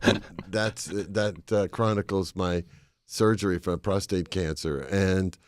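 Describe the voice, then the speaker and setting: An older man with a Boston accent tells rambling anecdotes with comic timing. His voice sits low, and it sounds dry and close, with no room sound. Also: fairly even intonation, takes it slowly, clean tone, dry recording. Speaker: guest comedian and author. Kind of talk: casual chat, storytelling.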